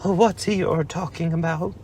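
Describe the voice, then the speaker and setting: A man voicing a tiny, timid male piglet in a storybook with a small, high, anxious voice. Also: steady tone, slow pace, a little mellow, distant mic, a little hiss or hum.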